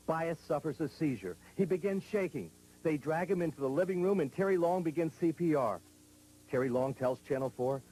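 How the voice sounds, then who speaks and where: A man narrating a television news report in a measured, grave, scripted delivery. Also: a little high, mellow, a little hiss or hum, poor audio.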